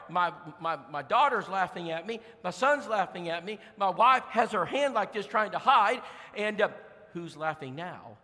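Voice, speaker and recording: A man delivers a storytelling sermon in a church auditorium, his voice pitched high and ringing bright. He talks in a folksy way, full of fillers and restarts. A long reverb from the hall trails each phrase. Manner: acts out voices in his stories. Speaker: guest preacher.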